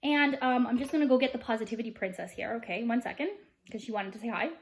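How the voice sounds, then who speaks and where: A woman's voice: on the high side, fast talker, roomy sound. A woman, a mother vlogging, chatting upbeat to camera with plenty of fillers. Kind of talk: casual chat to camera.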